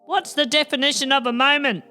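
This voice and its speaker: Bob is a cheeky sidekick, voiced by a woman who pipes up with quick teasing one-liners in a higher, lighter voice than hers. His voice has an odd, slightly off timbre of its own. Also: fairly even intonation, bright, forceful tone, faint music behind. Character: cheeky male sidekick named Bob, wisecracking.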